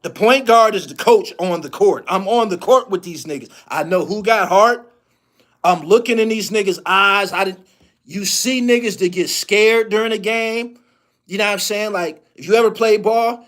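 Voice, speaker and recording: His voice sits high and a bit bright as this channel host rips through a heated, profane sports commentary rant, rapid-fire, full of heavy slang and lines said again and again.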